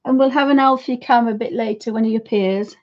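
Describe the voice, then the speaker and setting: A woman in her fifties, hosting an art livestream from her home studio, chatting in a rambling, friendly way with a croaky voice. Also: on the high side, a little fast, a little mellow, lo-fi sound. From United Kingdom. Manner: chatty, rambling, talks fondly to her dog. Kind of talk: casual chat to viewers and pets.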